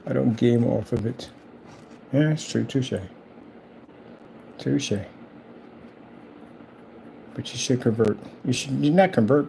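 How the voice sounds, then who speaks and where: Male vlog host, gravelly and mellow, rambling and mocking. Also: mid-range voice, slow, long pauses, a little hiss or hum. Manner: taunting, rambling and repetitive. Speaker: channel host. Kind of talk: casual trash-talking monologue.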